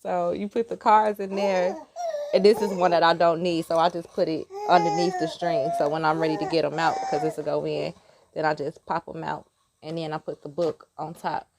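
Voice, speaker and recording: A woman's voice: deep voice, little pitch movement, brisk, creaky. A woman chatting casually to her viewers about a tarot deck. She rambles, laughs often and breaks off to talk to her child. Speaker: tarot vlogger. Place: outdoors. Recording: noisy outdoor recording.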